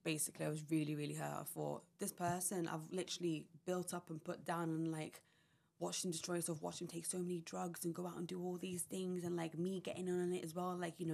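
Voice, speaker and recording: A woman's voice: fairly low pitch, flat delivery, normal speed, vocal fry, darkish tone. A young woman on a podcast, telling a personal story in a rambling way, full of "like" and acted-out quotes. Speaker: podcast guest.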